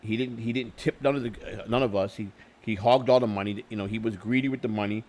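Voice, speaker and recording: Fast-talking, profane middle-aged man. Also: on the low side, steady tone. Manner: profane, repeats and restarts words, grows loud when retelling arguments. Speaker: interview guest. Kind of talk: candid conversational storytelling.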